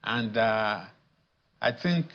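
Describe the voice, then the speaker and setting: A man, a guest addressed as professor, speaking in a measured, deliberate way with frequent pauses and fillers in a studio news interview. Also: fairly low pitch, expressive, dull audio. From Nigeria.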